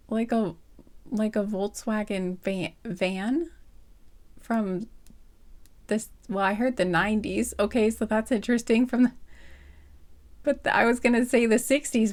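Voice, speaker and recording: A woman giving a casual pick-a-card reading, her voice slightly hoarse from an irritated throat, thinking aloud in a soft, hesitant, rambling way with many fillers and restarts. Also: medium pitch. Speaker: tarot card reader.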